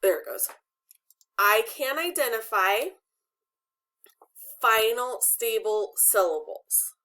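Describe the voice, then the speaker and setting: Slow, patient woman teaching phonics. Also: fairly high pitch, animated, sharp tone. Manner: patient, questions and prompts to pupils. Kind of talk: online phonics lesson for children.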